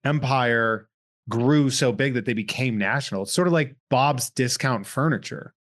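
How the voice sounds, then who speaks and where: Podcast host: man from Massachusetts, mid-range voice, quick jokes and interjections in casual chat. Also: mid-range voice, a bit bright.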